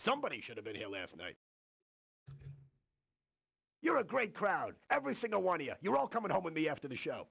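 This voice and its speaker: Cheesy game stand-up comic: high, bouncy, gravelly, rapid-fire hammy delivery, dry close mic. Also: male voice, huge pitch swings, a bit bright, dry recording, full character voice. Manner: brash, hammy joke delivery. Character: cheesy stand-up comedian man, brash and corny. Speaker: game's recorded comedian. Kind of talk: 1990s CD-ROM stand-up comedy routine.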